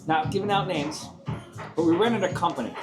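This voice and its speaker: A man's voice: fairly high pitch, fairly quick. A man in his forties, a travel vlogger, telling a story in an earnest, casual way. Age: 40s. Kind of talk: casual chat. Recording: echoey room with music.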